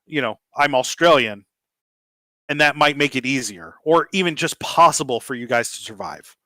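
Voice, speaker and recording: A man narrating and running a tabletop game as game master, relaxed and peppered with ums and uhs. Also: mid-range voice, a little fast, no echo.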